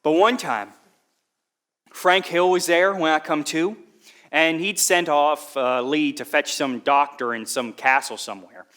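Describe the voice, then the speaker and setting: An actor on a theatre stage telling a long story as a poor drifter, in folksy, rustic speech. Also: male voice, fairly high pitch, a little slow, a bit bright. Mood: earnest.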